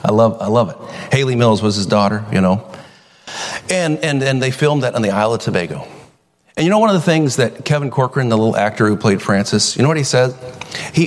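A middle-aged male pastor preaching a sermon in a folksy, animated storytelling manner, jumping into high voices to act out quotes. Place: church sanctuary. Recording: long hall reverb.

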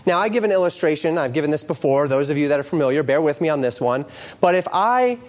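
A middle-aged male pastor preaching a sermon, moving from quoted scripture into lively storytelling. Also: a little high, fast talker.

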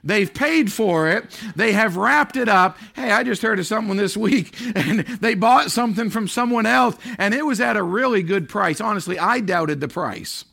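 High, gravelly preacher with sharp tone. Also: male voice, animated. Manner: swings between loud drawn-out emphasis and low near-whispered lines. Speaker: pastor. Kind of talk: sermon.

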